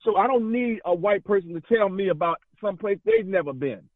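Male caller, high voice, fiery and rambling, tinny phone line, dry sound. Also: animated, brisk, no room sound. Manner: fiery, rambling, repeats himself. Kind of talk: impassioned call-in talk.

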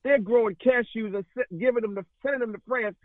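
Fiery caller on a tinny phone line. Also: male voice, very high-pitched, quick pace, dry recording. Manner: fiery, rambling, repeats himself. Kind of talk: impassioned call-in talk.

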